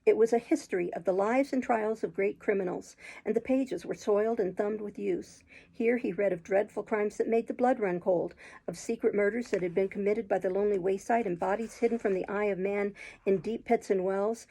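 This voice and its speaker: Woman reading a book out loud, low mellow voice with some fry, steady pace. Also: rough recording. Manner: steady, measured storytelling. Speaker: audiobook reader, channel host. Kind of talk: audiobook reading.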